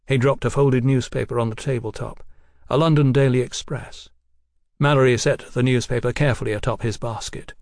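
Steady male audiobook narrator, dry mic. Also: medium pitch, moderate pace, vocal fry, no echo.

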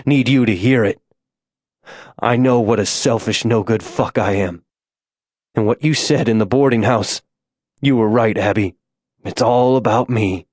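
A man voicing a remorseful middle-aged father confessing in a hushed voice. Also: on the low side, measured pace, pauses often, no echo, studio quality.

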